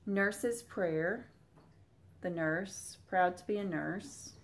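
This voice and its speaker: A young Southern US woman vlogging on Flosstube speaks very slowly in a fairly low voice, chatting straight to viewers while unboxing and displaying old craft patterns. Slight background noise is audible.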